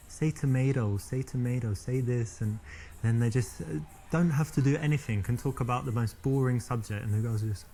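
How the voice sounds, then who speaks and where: A man's voice: mid-range voice, moderate pace, mellow, lightly acted. Play a cocky Englishman on a date with an English accent. A man voices him with a mid-range voice, rambling and full of fillers, and faint background noise sits under him. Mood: smug. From England. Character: smug British man boasting to a woman on a date.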